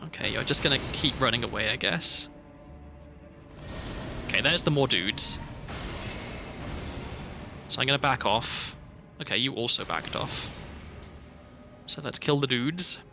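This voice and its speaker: A man's voice: medium pitch, unhurried, gravelly, pauses often. A British man chatting casually while streaming a game, rambling and breaking off mid-sentence, with game music underneath. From Britain. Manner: chatty, rambling, self-interrupting. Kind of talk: casual gameplay commentary. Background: background music.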